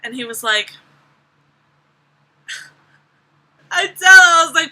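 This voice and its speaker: A woman's voice: a little high, animated, extremely slow, pauses often, bright, forceful tone, a little hiss or hum, low-quality recording. A young woman vlogger telling a storytime in a chatty, sarcastic way, full of "like". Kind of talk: casual storytime.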